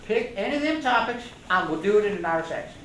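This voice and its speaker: A man's voice: sits high, animated, fast talker, fairly bright tone, slight background noise. Older man, retired doctor, rambling enthusiastic talk, audience jokes, very echoey room, distant mic. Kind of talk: informal lecture to a club audience. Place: meeting room.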